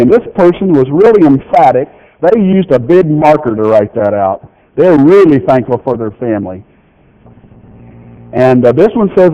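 A man's voice: mid-range voice, sing-song, moderate pace, mellow. A middle-aged man, a pastor, chatting folksily with his congregation, reading out children's notes and tossing questions back to the room. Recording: dull lo-fi church recording.

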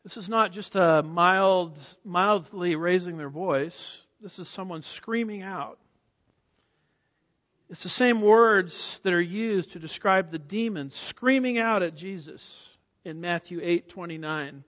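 A man's voice: high-pitched, measured pace, a bit bright. A man preaching an expository sermon, emphatic, asking the congregation questions and answering them himself. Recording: dull sound with long hall reverb.

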